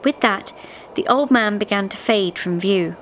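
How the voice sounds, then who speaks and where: A woman storyteller reads a festive tale aloud to a live theatre audience, in a voice of ordinary, middling pitch. Her telling is expressive and measured, letting each line land. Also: slight background noise, rough recording.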